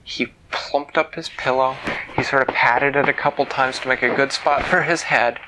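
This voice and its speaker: A man telling a children's bedtime story, gentle and playful, dropping into hushed whispers. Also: mid-range voice, fairly even intonation, normal speed, background noise.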